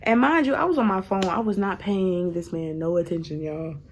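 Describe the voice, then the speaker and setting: A young woman telling a casual storytime to her viewers, animated and laughing as she goes. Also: on the low side, normal speed, a little hiss or hum. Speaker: vlogger.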